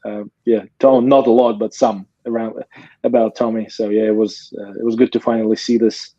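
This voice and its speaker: A man joining a live podcast as a guest, chatting casually in a relaxed, halting way. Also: lowish voice, dry recording, highs cut off. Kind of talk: casual chat.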